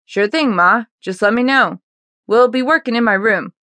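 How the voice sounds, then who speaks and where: A woman's voice: on the high side, expressive, moderate pace, bright, forceful tone, no room sound, pitched above the performer's own voice. Woman doing a laid-back college-age son. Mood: casual. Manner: casual, offhand.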